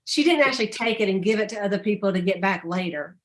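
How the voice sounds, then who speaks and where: A woman telling stories on a casual sales call, chatty and animated. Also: fast. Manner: chatty storyteller, acts out quotes with high voices. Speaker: sales director.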